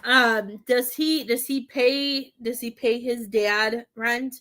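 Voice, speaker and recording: A woman doing a psychic reading from home, with halting, repetitive speech that gives gentle advice. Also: on the high side, fairly even intonation. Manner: halting, repeats words, soothing advice. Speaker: psychic medium. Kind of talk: live-stream spirit reading.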